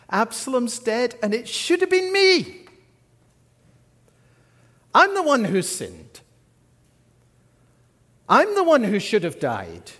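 A man's voice: on the high side, lightly acted. A man preaching who voices a grieving ancient king mourning his son, speaking with anguish in a reverberant hall. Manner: anguished, pleading.

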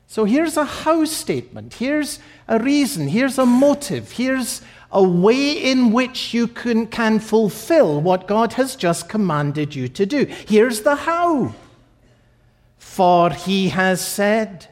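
A man preaching a sermon, slow and emphatic, repeating key phrases for weight. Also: sits high, sing-song.

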